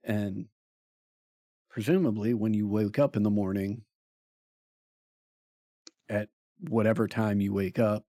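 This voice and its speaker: A man narrating a tabletop role-playing game as game master, slow and hesitant with many pauses and fillers. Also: lowish voice, fairly even intonation, dark tone, no echo, studio quality.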